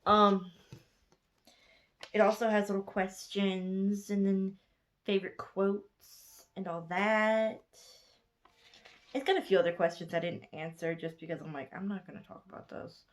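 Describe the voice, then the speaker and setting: A woman's voice: mid-range voice, fairly even intonation, measured pace, long pauses. A woman in her twenties with a Southern US accent, chatting casually through a book review late at night, sleepy and rambling, often correcting herself. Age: 20s. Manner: rambling, chatty, gushing, with frequent self-corrections.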